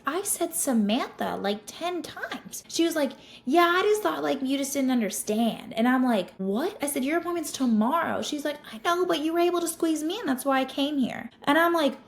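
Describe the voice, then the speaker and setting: Animated woman telling a story. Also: fairly high pitch. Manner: animated, exasperated retelling with lots of "like". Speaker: podcast host, esthetician. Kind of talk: casual storytelling to listeners.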